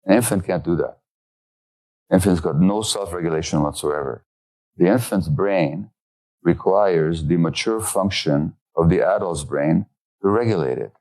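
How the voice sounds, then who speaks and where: A man explaining child development in a measured, lecturing way. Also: deep voice, a little mellow, poor audio. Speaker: speaker on parenting and development. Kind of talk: lecture clip.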